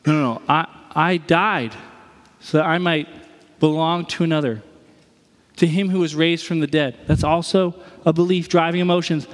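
Male pastor, high voice, expressive preaching, lively storytelling, church hall reverb. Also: normal speed. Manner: expressive, acts out everyday scenes in different voices. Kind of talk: sermon.

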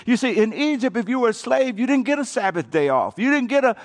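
A male pastor preaching a sermon with call-and-response, building up to shouting. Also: extremely high pitch, lively intonation, fast. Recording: long reverb of a large hall.

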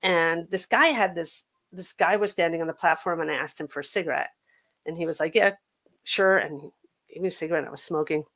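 Gravelly-voiced woman telling her story. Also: lowish voice, a bit bright. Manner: halting, earnest, many restarts and fillers. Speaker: podcast guest. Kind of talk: personal recovery story told in conversation.

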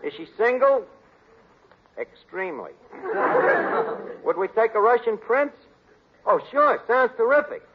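A brash, wisecracking tavern manager, played by a man, fires off jokes in a high, bouncing voice with cheerfully mangled grammar. It is 1940s radio sitcom acting. The old broadcast sounds dull and hissy, with a studio audience laughing. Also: big pitch swings, unhurried, long pauses, crowd noise, heavily acted.

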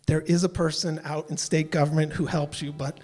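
A man in his sixties telling a story live on stage, exasperated and animated, acting out the people he quotes. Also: on the high side, fairly quick, faint music behind. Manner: exasperated, animated, mimics voices.

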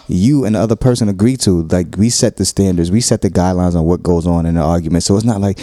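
A man's voice: low voice, fast, few pauses, warm tone, no room sound. A man talking casually about relationships and explaining his view earnestly and at length. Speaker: podcast co-host.

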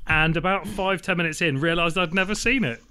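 A man's voice: high-pitched, fairly quick, noisy background. A man chatting on a podcast about cult films with dry enthusiasm. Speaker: podcast co-host. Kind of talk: casual chat.

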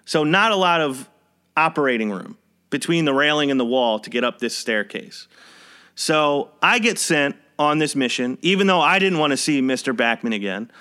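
A man's voice: fairly high pitch, expressive, normal speed, pushed and bright, clear, resonant tone. A young man hosting a podcast, casually telling a personal work story in a wry, conversational way and chuckling as he goes. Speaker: podcast host.

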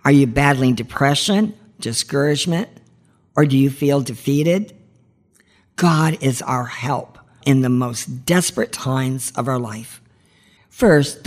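A woman hosting a marriage ministry podcast, giving heartfelt devotional teaching in an earnest, pleading way. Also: very deep voice.

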